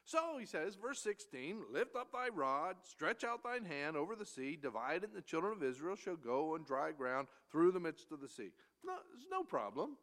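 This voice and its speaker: A man delivers a verse-by-verse sermon, his voice sitting a little high for a man. His pitch leaps and falls with great liveliness as he moves between loud, emphatic lines and hushed, almost whispered asides. Scripture passages come slow and measured, in a stately old-fashioned cadence. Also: expressive. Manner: reads verses in slow King James cadence. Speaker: preacher. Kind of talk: expository sermon reading scripture.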